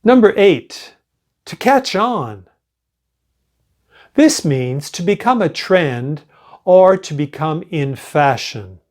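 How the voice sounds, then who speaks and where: With clear enunciation and a lively melody, an older English teacher slowly reads sentences aloud for his class to repeat. It is a slow-paced pronunciation lesson.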